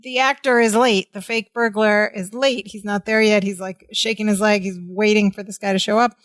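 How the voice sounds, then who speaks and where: A woman's voice: medium pitch, steady tone, moderate pace, no echo. A woman co-hosting a podcast, retelling sitcom scenes in casual chat and laughing often as she goes. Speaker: podcast co-host.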